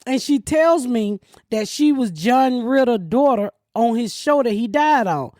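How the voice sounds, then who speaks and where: A middle-aged woman hosting a comedy podcast, telling loud, profane stories in casual chat. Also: on the high side, animated, measured pace, no echo, clean studio sound. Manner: brash, profane storytelling.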